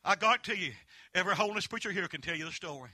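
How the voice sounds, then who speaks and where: A man preaching a fervent holiness sermon, mixing folksy storytelling with loud emphatic peaks. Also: high-pitched, animated, very fast, no echo.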